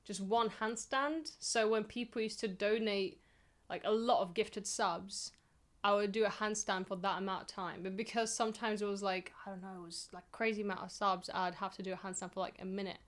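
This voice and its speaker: A woman's voice: mid-range voice, fairly even intonation, brisk. A young woman streamer chatting casually and rambling from a small home office, poking fun at herself. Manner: rambling, chatty, self-mocking. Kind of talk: casual live-stream chat.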